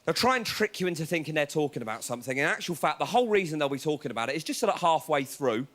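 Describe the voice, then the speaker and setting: High-pitched, animated comedian on stage. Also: male voice, racing. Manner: animated, acts out other voices, jumps into a much higher yelling pitch. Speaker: stand-up comedian. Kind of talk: stand-up comedy set. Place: TV studio stage with a live audience. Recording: live TV studio with crowd laughter.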